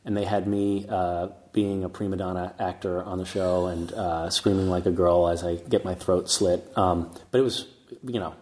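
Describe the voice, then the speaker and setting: Self-mocking man in a relaxed chat. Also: low-pitched, moderate pace. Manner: relaxed, self-mocking, many fillers and restarts. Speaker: actor guest. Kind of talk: casual interview chat. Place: castle in Scotland.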